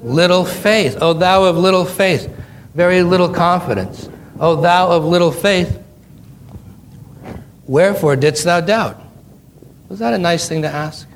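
A man's voice: sits high, unhurried, pauses often, a little hiss or hum. A middle-aged man preaching a Bible study, reading scripture aloud and stopping to quiz his listeners with folksy, joking asides. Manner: reads scripture then asks the listeners questions.

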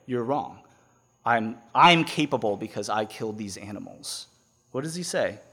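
Man, preacher, lively sermon, bright ringing tone, casual asides, calls for audience answers. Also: lowish voice, normal speed, breathy edge. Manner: animated, conversational, asks the audience to fill in words; acts out scripture characters with casual paraphrase. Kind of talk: sermon reading and explaining scripture.

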